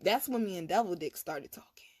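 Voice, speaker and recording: A woman's voice: lowish voice, animated, brisk, breathy edge. A young woman hosting her own channel, telling a personal story in a casual, emphatic, profane way. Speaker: vlog host, spiritual reader.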